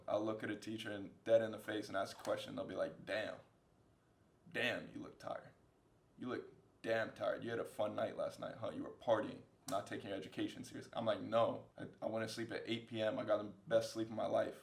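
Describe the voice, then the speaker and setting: A social media creator in his twenties answers fan questions in a casual vlog, rambling through funny stories, joking, and laughing at himself. His voice sits on the low side with vocal fry, and the sound is reverberant in an indoor room lit by a fill light.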